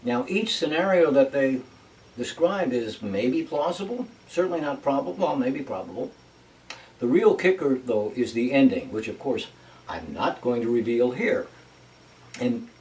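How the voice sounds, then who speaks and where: A man's voice: medium pitch, big pitch swings, moderate pace, darkish tone. Brief: male vlog host and actor, casual and wry, sits back from the mic. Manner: chatty, wry asides. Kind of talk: casual personal update. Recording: voice from a distance off mic.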